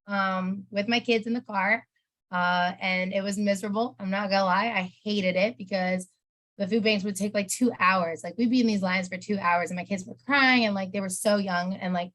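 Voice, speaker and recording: A woman's voice: mid-range voice, a bit bright. A woman telling her own story in an interview, casual and rambling, emotional and full of "like". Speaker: interview guest, sales promoter.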